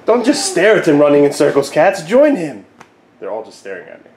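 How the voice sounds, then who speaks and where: A young father filming his toddlers at home on a handheld camera, chatting casually and jumping into a high sing-song voice when he plays with them. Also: huge pitch swings, moderate pace, long pauses, darkish tone. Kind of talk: casual family vlog. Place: family home, living room. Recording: noisy home camera audio.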